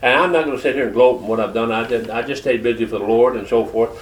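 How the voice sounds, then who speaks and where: An older man with a Southern Georgia accent preaching a testimony sermon, telling stories in a folksy, halting way with many fillers. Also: mid-range voice. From Detroit. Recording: echoey room from far off.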